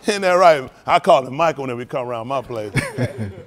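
A middle-aged male pastor preaching loudly in a joking, colloquial way, laughing often and drawing responses from the congregation. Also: medium pitch, animated, brisk. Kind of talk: animated sermon with joking asides.

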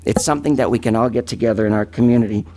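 A man in his fifties testifies at a county meeting as a recovery advocate. His voice sits at an ordinary middle pitch, and his delivery is earnest and halting as he keeps choking up with emotion. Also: warm tone.

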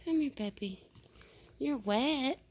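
Woman vlogger, slow gravelly baby-talk voice, coaxing an animal, casual cooing. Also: high-pitched, expressive, darkish tone, slight background noise. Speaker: vlogger feeding a wild raccoon. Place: at an open door at night.

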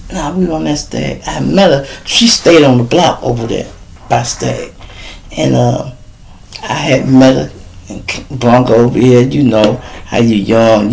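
The recording is rough, and his mid-range voice is creaky. With a Chicago accent, this relaxed live talk show host shares crude stories and talks straight to his audience.

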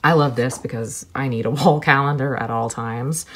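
A woman narrating an unboxing video, soft-spoken and gushing, moving between quiet murmurs and excited exclamations. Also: extremely low pitch, normal speed. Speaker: vlogger.

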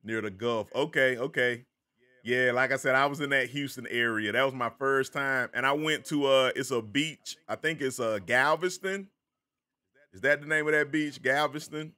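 A man's voice: mid-range voice, moderate pace, pushed and bright. Laid-back Southern American man streaming. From American South, the Carolinas. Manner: laid-back, chatty, greets viewers by name. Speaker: game streamer. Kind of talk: casual live-stream chat with viewers.

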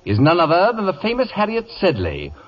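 An actor playing a pompous, sardonic male radio celebrity in a 1950s radio play, with a slightly raspy, theatrical delivery, on a dull vintage broadcast recording. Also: high voice, wildly swooping pitch, fairly quick, exaggerated voice. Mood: sly.

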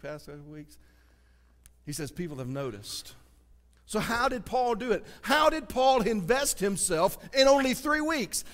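A man with a Southern US accent preaching a sermon as pastor, swinging from loud exclamations to hushed asides. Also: high-pitched. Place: church sanctuary. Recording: reverberant church sanctuary.

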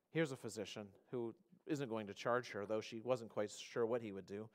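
A male pastor giving a church sermon, earnest, often restarting phrases and slowing down to stress a point. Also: lowish voice. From Canada. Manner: earnest, repeats words and restarts phrases, slows for emphasis.

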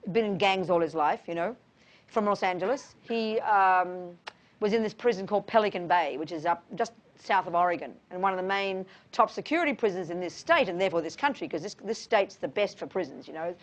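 A woman's voice: on the low side, animated, brisk. A middle-aged woman giving an informal Buddhist talk, frank and emphatic, calling listeners darling and honey. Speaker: Buddhist teacher. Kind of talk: informal dharma talk answering questions.

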